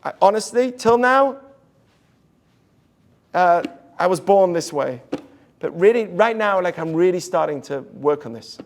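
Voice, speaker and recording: A man's voice: high-pitched, animated, unhurried, gravelly, pauses often. A man, a rabbi, giving an inspirational talk to an audience and telling stories in an earnest way. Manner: earnest storytelling, drops to a hush for quoted lines.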